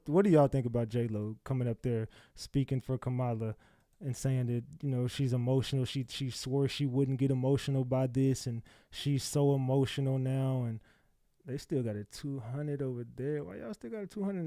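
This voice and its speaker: A man hosting a casual livestream, talking loose slang with blunt profanity and getting loud when he talks back at clips. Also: medium pitch, no echo, clean studio sound. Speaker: livestream host. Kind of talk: casual live commentary.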